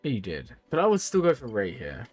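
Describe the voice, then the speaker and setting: Over faint background music, a streamer talks fairly quickly as he reviews game accounts and offers viewers loose, rambling game advice. His pitch is lively and his talk chatty and repetitive. He seems a little tired and yawns now and then.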